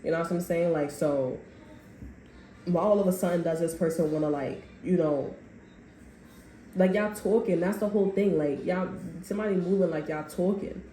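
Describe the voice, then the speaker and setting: A woman reads tarot cards in a loose, rambling way, full of slang and acted-out quotes. Her voice sits low and mellow. The room around her is echoey, with a faint hiss behind. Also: steady tone, moderate pace. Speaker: tarot reader. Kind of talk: casual spoken tarot reading.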